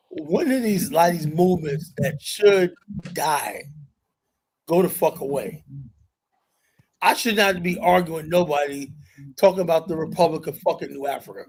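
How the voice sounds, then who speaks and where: A man's voice: fairly high pitch, darkish tone, slight background noise. Emphatic, argumentative male podcast host. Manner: emphatic, argumentative, loose with profanity. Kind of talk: heated panel debate.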